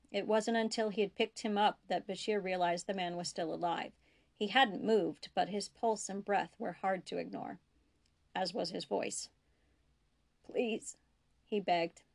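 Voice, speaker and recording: Woman reading fiction, gravelly low edges. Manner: steady, measured narration, drops to soft whispers for dialogue. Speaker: author reading her own fan fiction. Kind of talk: audiobook-style fiction reading.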